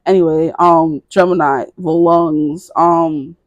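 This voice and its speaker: A woman's voice: low voice, steady tone, slow pace, no room sound, muffled recording. A woman in her twenties giving a casual tarot reading to camera, rambling, correcting herself and giggling. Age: 20s. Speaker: tarot reader.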